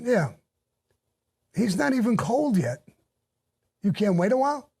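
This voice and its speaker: Husky older man telling blunt stories. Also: high-pitched, big pitch swings, unhurried, a little mellow. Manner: blunt, profane, vivid storyteller. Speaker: interviewee recounting his past. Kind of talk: casual storytelling.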